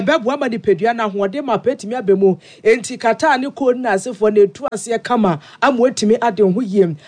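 A Ghanaian man presenting radio news and reading sponsor promos in a lively, sing-song way. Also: very high-pitched.

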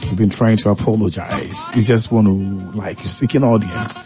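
A man's voice: lowish voice, moderate pace, warm tone, faint music behind. Man telling a comic story. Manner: dramatic, addresses listeners directly. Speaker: comedic storyteller. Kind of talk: comedic monologue.

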